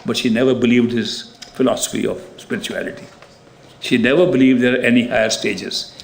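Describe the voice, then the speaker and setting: A man giving a spiritual talk, telling stories in an animated way. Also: medium pitch, fairly quick, gravelly, a little hiss or hum. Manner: animated storyteller, acts out quoted voices. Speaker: spiritual teacher. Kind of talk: spiritual discourse with storytelling.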